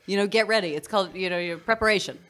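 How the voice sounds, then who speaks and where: A woman's voice: mid-range voice, racing, a bit bright. A woman with a Southern US accent, talking as a guest in a casual interview, chatty and full of laughs and restarts. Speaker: actor, guest.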